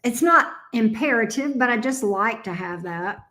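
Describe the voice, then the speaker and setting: On a casual livestream, a woman reads tarot in a sleepy, drawling, affectionate way, calling her viewers love bug and honey. Her voice is on the high side with lively intonation, normal speed, and a sharp tone, over a little hiss or hum and roomy echo.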